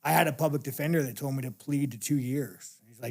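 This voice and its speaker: A man's voice: medium pitch, quick pace, hardly any pauses. A man as an interview guest, telling stories in a blunt, profane, casual way and laughing as he talks.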